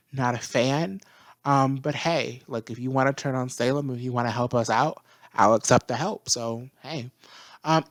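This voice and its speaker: A video reviewer giving a casual spoken review, chatty and full of slangy asides, laughing often. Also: mid-range voice. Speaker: video reviewer of an animated series.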